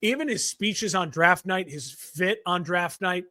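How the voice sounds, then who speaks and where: A man with a fairly high voice chats animatedly on a sports podcast, jumping into little impressions and restarting his sentences. The sound is dry and close, with almost no room in it. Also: unhurried, no room sound. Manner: animated, acts out quotes, restarts often. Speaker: podcast co-host. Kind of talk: casual sports chat.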